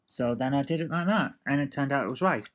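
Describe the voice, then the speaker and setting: A woman's voice: extremely low pitch, fast talker. A woman hosting a casual vlog chat, dry and teasing as she explains her moves. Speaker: vlog host. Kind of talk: casual chat over a board game.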